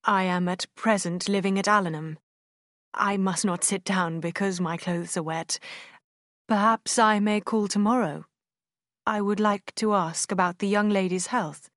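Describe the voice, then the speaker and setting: A courteous young gentleman from a storybook, read by a woman. He speaks formally and politely, a little fuller in volume. The recording is dry and close. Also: mid-range voice, fairly even intonation, measured pace, no echo, close to an everyday voice.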